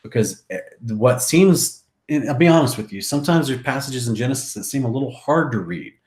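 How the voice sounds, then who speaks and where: Sex: male. Role: Bible study host. Style: casual scripture reading and commentary. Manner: chatty, jokey. Pitch: middle. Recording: echoey room. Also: expressive, a little fast, darkish tone.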